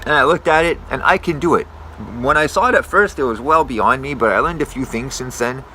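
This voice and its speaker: A young man rants about his work, cursing nearly every sentence and correcting himself as he goes. His voice is bright and forceful. Faint outdoor traffic noise sits behind him. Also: medium pitch, a little fast. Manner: profane, swears constantly; rambling, self-correcting. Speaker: tree climber. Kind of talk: casual rant to camera.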